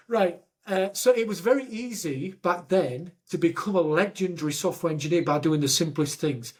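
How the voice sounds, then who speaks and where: A man with a Yorkshire accent hosting a podcast, telling animated stories and acting out what people said. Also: fairly high pitch. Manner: animated storyteller, acts out quotes. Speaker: podcast host. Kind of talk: casual conversation.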